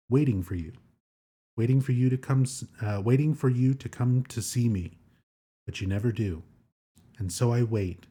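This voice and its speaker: A man reading aloud as a dying young wife writing her farewell letter in a soft, subdued voice. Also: on the low side, husky.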